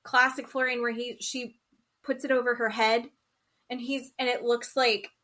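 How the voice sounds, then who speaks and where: A woman's voice: a little high, moderate pace. A woman co-hosting a podcast, casually recapping a reality show and animatedly acting out what people said. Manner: animated storyteller who acts out quotes. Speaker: podcast co-host.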